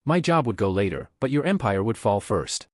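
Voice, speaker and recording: Ruthless young tycoon, read by a man; calm, grave, icy delivery, dry. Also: on the low side, moderate pace, no room sound. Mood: cold. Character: cold, commanding young billionaire hero.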